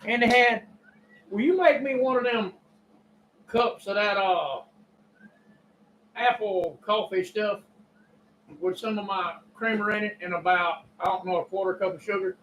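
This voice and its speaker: An older man with a Kentucky drawl, talking in a rambling, folksy monologue and clearing his throat often. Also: high-pitched, a little slow, long pauses, fairly bright tone, slight background noise, poor audio. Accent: Southern US (Kentucky). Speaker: YouTube preacher and storyteller. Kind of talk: casual monologue.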